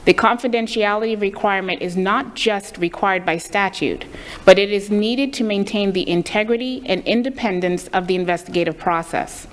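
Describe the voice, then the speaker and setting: A woman reads a formal briefing to a school board, deliberate and stressing the key points. Her voice sits at a middle pitch. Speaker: district staff presenter. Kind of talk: reading a prepared briefing.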